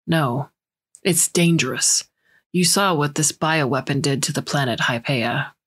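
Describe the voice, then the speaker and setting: A woman's voice: low-pitched, a little slow, a bit bright, husky, exaggerated voice. A woman reading the part of a cold, accusing male health inspector who lectures insistently.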